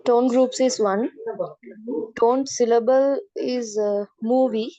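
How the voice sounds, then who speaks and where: A woman's voice: fairly high pitch, fairly even intonation, slow, a crowd in the background. Hesitant woman student on a muffled call. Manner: hesitant, polite, many fillers. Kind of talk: reading answers in class.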